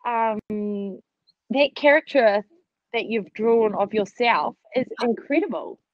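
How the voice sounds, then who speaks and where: A woman, slightly high-pitched, spins a lively yarn to an old teammate over a video call. The audio is dry and a bit dull. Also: takes it slowly, dry recording. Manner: animated storytelling, laughing often, lots of "like". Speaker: netball player catching up with a teammate. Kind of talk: casual video call chat.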